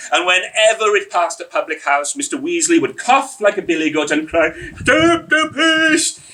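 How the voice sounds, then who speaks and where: A man performing a story for a live audience, rhythmic and expressive, savouring every word. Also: mid-range voice, recorded from a distance, rough recording. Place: indoor evening storytelling event.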